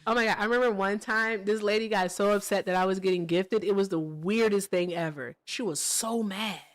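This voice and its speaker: A woman hosting a casual livestream chat, talking in an animated, sarcastic way and laughing often. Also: mid-range voice, brisk, dry recording, studio quality. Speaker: livestream host.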